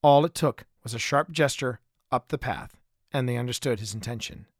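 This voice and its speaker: A man narrating his own adventure story in an even, measured way, recorded close to a studio mic. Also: mid-range voice, no room sound. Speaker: author and narrator. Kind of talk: scripted audiobook narration.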